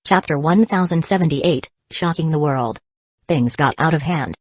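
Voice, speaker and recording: A woman reads a dramatic novel aloud as an audiobook narrator. Her voice sits low and the recording is dry and close, with no room sound. She keeps a steady, even narrating pace. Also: normal speed, husky, no room sound. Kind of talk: scripted narration.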